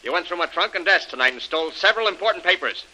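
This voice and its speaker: A man's voice: high-pitched, lively intonation, very fast, bright, forceful tone, exaggerated voice, low-quality recording. An actor playing a menacing male villain in 1940s radio drama, talking in a threatening tough-guy manner.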